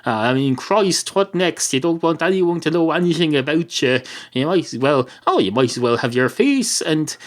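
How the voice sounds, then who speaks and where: A man's voice: fairly high pitch, animated, normal speed, pitched above the performer's own voice, natural voice. An Irish man voicing a blunt, sarcastic male driver in a comic story.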